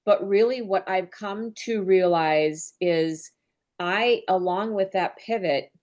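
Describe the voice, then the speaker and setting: Speaking slowly in a medium-pitched, slightly mellow voice, a woman business mentor shares a heartfelt talk with her team on a group call. She is earnest and openly emotional while staying conversational.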